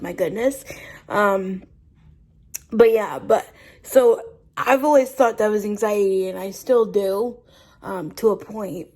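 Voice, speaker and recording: A woman chats to her viewers outdoors, holding the camera out in front of her. Her voice sits at an ordinary pitch. She rambles along casually, with plenty of ums and self-corrections. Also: a little mellow, rough recording. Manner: rambling, chatty, lots of fillers and restarts. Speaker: vlogger. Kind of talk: casual vlog chat. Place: outdoors on a windy, sunny day.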